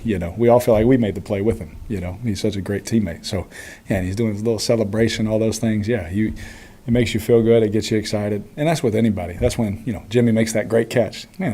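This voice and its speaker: A man in his thirties, a quarterback answering postgame press questions in a relaxed way with frequent chuckles and fillers. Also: fairly low pitch.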